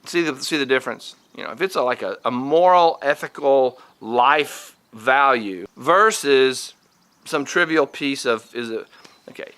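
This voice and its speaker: A podcast host gives a casual spoken lesson in a medium-pitched, animated voice with a fairly bright, clean tone. He speaks haltingly, often restarting his sentences, and acts out the lines he quotes.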